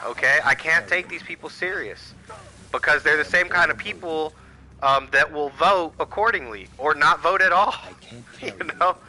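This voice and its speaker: A man's voice: fairly high pitch, normal speed, pushed and bright, low-quality recording. An American man giving a heated, profane political rant to camera, firing off rhetorical questions. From United States. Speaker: channel host.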